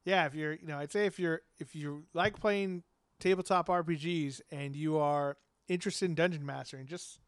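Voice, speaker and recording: A man hosts a casual podcast chat, rambling through his stories with many fillers and laughter. His voice sits a little high and sounds smooth and resonant. The recording is dry and close. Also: fairly even intonation, normal speed, no echo. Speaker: podcast host and game master.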